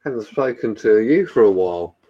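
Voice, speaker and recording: A man's voice: on the low side, lively intonation, a little fast, husky, dull audio. A man in a casual chat, jokey and swearing, laughing often. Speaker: chat participant.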